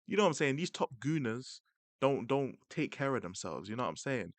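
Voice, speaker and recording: A young man streams to his viewers, teasing rival football fans in loose, slang-filled banter. His voice sits in a middle pitch and sounds close and dry, with no room echo. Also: very animated, a little fast. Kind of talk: casual livestream rant.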